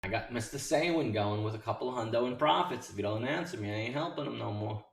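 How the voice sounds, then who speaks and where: A man hosting a live day trading show, excitedly calling out prices and shouting out names from his chat. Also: mid-range voice, fast, creaky, distant mic. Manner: hyped, rattling off stock prices and chat names. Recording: roomy sound from off-mic.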